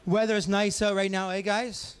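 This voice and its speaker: High-voiced man doing pub stand-up. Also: little pitch movement, normal speed, smooth. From Ontario, Canada. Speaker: stand-up comic. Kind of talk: stand-up comedy set. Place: small pub stage.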